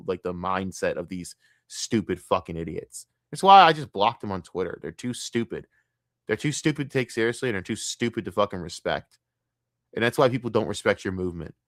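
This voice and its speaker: A man's voice: low voice, a bit bright, no room sound, studio quality. A man streaming a reaction, ranting bluntly and scornfully with heavy swearing. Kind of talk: profane reaction rant.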